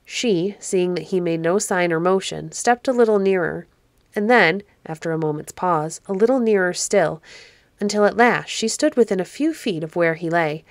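A woman narrating a classic children's novel aloud, measured and expressive. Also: fairly low pitch, dry recording, studio quality. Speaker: storyteller.

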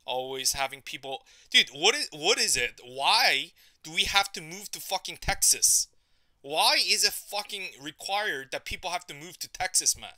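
A man's voice: on the high side, animated, moderate pace, sharp tone, no room sound. A young man streaming gameplay, ranting in frustration and swearing a lot. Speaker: gaming streamer. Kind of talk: live gameplay commentary.

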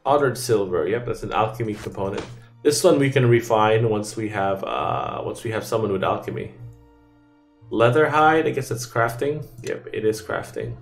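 A man's voice: lowish voice, lively intonation, moderate pace, soft background music. A man giving casual gameplay commentary, thinking aloud in an offhand way and often trailing off. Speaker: let's play gamer.

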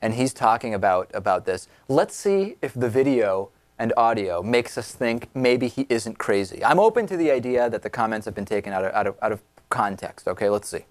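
A man's voice: on the low side, expressive, brisk, few pauses, dry recording. A man hosting a political talk show, delivering sarcastic, incredulous commentary on the news.

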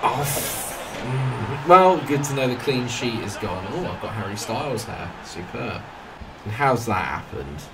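A man's voice: mid-range voice, measured pace, background noise. A young man with a southern English accent giving jokey, chatty commentary while playing a football game at home. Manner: jokey, chatty, excitable at goals. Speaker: gaming video host. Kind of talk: casual gameplay commentary. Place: home flat.

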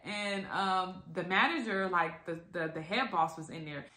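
A woman telling a story to her viewers in a casual, animated and profane way, acting out the quotes. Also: medium pitch, moderate pace, hardly any pauses. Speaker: vlogger. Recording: echoey room.

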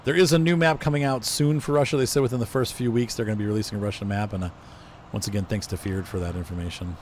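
This gameplay commentary comes from a man whose voice is fairly low, steady in tone, a little mellow, and fast. Allergies leave him stuffy and congested as he rambles, talks through his driving out loud, and self-corrects. Slight background noise is present.

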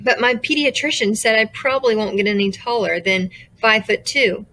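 A woman voicing an anxious young girl who pleads rapidly. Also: a little high, pushed and bright. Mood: nervous.

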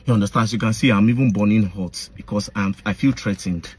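A man's voice: on the low side, fast talker, slightly rough. A man with a Nigerian Pidgin English accent ranting in a confrontational vlog, addressing his targets directly with heated accusations. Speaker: online commentator.

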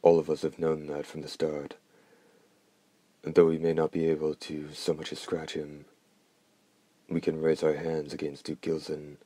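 A man's voice: extremely low pitch, monotone, unhurried, pauses often, warm tone, dry recording. A man voicing a bitter, mutilated old male steward who speaks in a formal, polite way. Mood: resolved.

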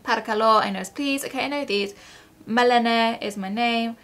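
A woman's voice: a little high, normal speed, a bit bright. A young woman chatting casually at home for her vlog, giggly and self-mocking as she stumbles over words. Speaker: YouTuber.

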